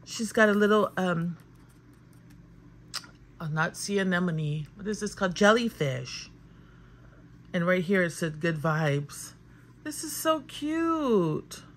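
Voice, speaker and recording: A woman hosting a crafting channel, chatting casually and gushing with excitement as she opens mail. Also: on the low side, unhurried, pauses often, a little hiss or hum. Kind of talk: casual unboxing vlog chat.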